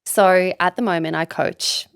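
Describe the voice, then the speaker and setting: Low-voiced woman, candid and emphatic. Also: fairly even intonation, measured pace, gravelly, clear, resonant tone, no room sound, studio quality. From Sweden. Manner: candid and emphatic, swears freely, many "like" and "you know" fillers. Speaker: guest, business coach. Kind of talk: casual podcast interview.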